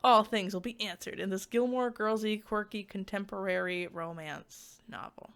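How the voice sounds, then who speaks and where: Chatty woman talking books, giggles a lot, says like constantly, sharp bright voice. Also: mid-range voice, moderate pace. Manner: chatty, giggly, lots of "like" fillers. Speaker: book reviewer. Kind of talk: casual book review vlog.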